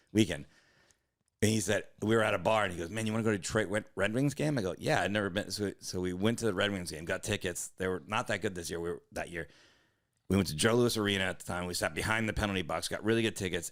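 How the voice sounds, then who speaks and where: A man's voice: low voice, a bit bright. A man co-hosting a comedy podcast, telling long rambling profane stories in casual chat. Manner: rambling, profane, quick storytelling.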